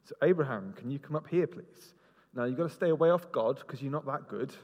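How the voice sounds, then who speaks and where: A man's voice: medium pitch, a little fast. A man preaching an interactive sermon, joking with volunteers and directing them around the stage. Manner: lively, jokey, directing people on stage. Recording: long reverb in a large hall.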